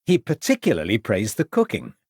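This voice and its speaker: A man's voice: lowish voice, huge pitch swings, a little fast, a little mellow, slightly rough, dry recording, clean studio sound, heavily acted. A man voicing a polite, formal and persuasive male police inspector.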